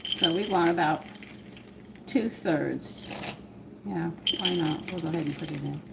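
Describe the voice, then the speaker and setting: A woman's voice: deep voice, measured pace, gravelly, very noisy. A woman with a Southern US accent hosting a casual home cooking live stream, wandering off into personal stories as she cooks. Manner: rambling, drifts into personal stories while cooking. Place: home kitchen. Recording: kitchen clatter of dishes and cutlery.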